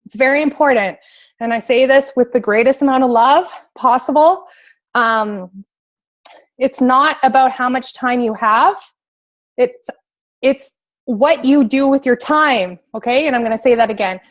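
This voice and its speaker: A young woman leads a motivational team call, her voice sitting a little high. She talks with energy and emphasis, circling back to drive each point home. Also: normal speed. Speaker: coach giving a team call.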